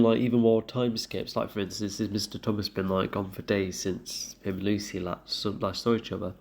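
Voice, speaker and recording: A man's voice: fairly low pitch, little pitch movement, normal speed, vocal fry, few pauses, a little mellow. A man giving casual commentary as he reacts to a TV show, thinking aloud and hesitating with fillers and restarts. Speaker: reaction video host.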